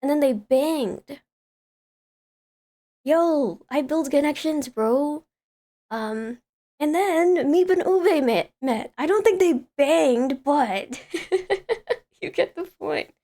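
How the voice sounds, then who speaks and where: A woman's voice: high voice, lively intonation, slow, mellow. A young woman streaming live, chatting casually with viewers, rambling and laughing often as she greets chatters.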